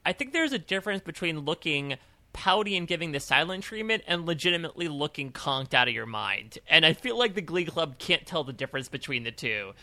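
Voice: medium pitch, big pitch swings, a little fast, sharp tone, no echo. A podcast guest giving wry, exaggerated commentary in casual chat.

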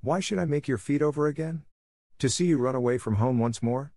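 A man voicing a kind, poor old woodcarver father who lectures gently and fondly. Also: medium pitch, a little fast, no echo, studio quality, voice pushed up, natural voice. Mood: stern.

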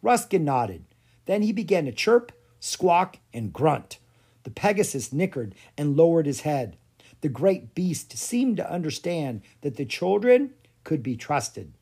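An expressive storybook narrator with a pitch that swoops and lifts all through the reading. The tone is soft and breathy, with a mid-range voice. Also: a little slow. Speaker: audiobook narrator.

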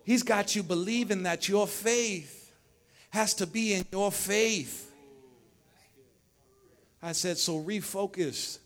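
A male pastor preaching a sermon in church, swinging between shouted climaxes and low storytelling, calling on the congregation to respond. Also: slow pace, long pauses. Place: church sanctuary.

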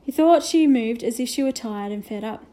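A woman reading a children's novel aloud with gentle storytelling and hushed asides. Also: on the high side, moderate pace. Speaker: reader.

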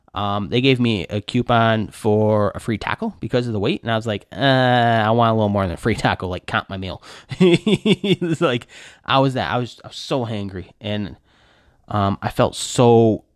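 A man chats alone on his podcast, loose and rambling, piling up filler words as he tells a story. His voice sits in a middle pitch. The sound is dry, with no room echo. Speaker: podcast host. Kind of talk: casual solo podcast chat.

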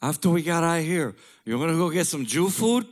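Man doing his old dad, high and blunt. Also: big pitch swings, a little fast. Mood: teasing. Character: elderly Cuban dad, blunt, crude joker.

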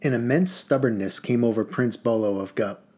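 A man reading a children's novel aloud in a lively, expressive way. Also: mid-range voice, moderate pace. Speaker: audiobook reader.

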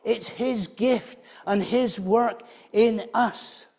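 A man with a fairly high voice delivers a sermon in a church. He talks in a conversational way, puts rhetorical questions to his listeners and often restarts his phrases. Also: steady tone, extremely slow, creaky, darkish tone. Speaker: preacher.

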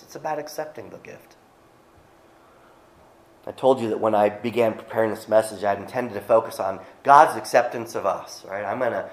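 A man's voice: fairly low pitch, slight background noise. Man preaching a casual sermon, echoey. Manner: conversational, joking asides. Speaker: pastor.

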